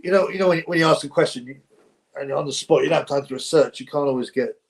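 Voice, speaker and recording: A man's voice: fairly high pitch, quick pace, creaky. A man from England hosting a boxing livestream, reading viewer comments aloud in a rambling, blunt, mocking way with many restarts.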